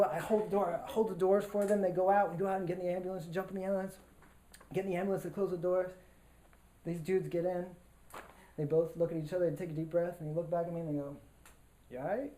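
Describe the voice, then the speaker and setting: A man's voice: sits high, warm tone. A man telling a personal story to a live audience in a casual, slangy way, full of fillers and restarts. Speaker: storyteller on stage. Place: stage in front of an audience. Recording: roomy hall echo, faint room noise.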